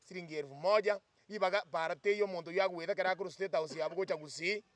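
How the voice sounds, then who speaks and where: A Kenyan-accented man speaks at a rapid clip in a high voice, pressing a political case before reporters. The sound is close and dry, with no echo. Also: fairly even intonation, a bit bright. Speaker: youth speaker at a press briefing. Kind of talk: political speech in a local language.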